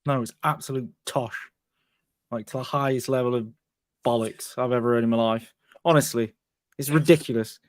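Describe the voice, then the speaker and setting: A man's voice: mid-range voice, fairly even intonation, normal speed, dry recording, clean studio sound. A man from England on a football fan show, talking in a blunt, heated, sweary way. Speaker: podcast panelist. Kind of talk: casual football chat.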